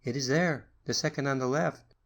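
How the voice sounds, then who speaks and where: A man's voice: moderate pace, lightly acted. A man voicing an anxious young secretary in an audiobook, earnest, apologetic and nervous. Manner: nervous and earnest, higher pitched. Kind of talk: audiobook character reading.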